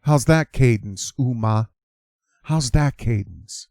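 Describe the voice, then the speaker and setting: A man's voice: mid-range voice, slow, a little mellow, no room sound, clean studio sound. A man hosting an opinionated commentary monologue, emphatic and repeating his lines for effect. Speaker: commentary channel host.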